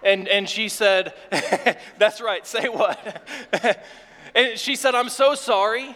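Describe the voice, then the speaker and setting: A man in his thirties preaches in a high voice, his sermon turning emotional as he tells a story with halting restarts. His words ring out with a long reverb from the church sanctuary. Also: sharp tone. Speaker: pastor.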